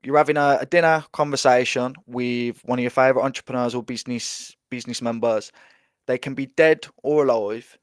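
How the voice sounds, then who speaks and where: A man hosting a podcast, relaxed and emphatic as he shares views and asks questions. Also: medium pitch, fairly quick, smooth, dry recording, studio quality. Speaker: podcast host. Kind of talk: casual podcast interview.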